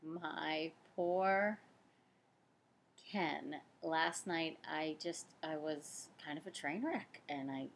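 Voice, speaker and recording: Woman in her forties, personal vlog, tired, low pitch, candid and rambling. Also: drawn-out words, a little hiss or hum. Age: 40s. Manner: candid and chatty, with frequent fillers and self-corrections. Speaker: fertility practitioner. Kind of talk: casual personal vlog update. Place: home, on the couch.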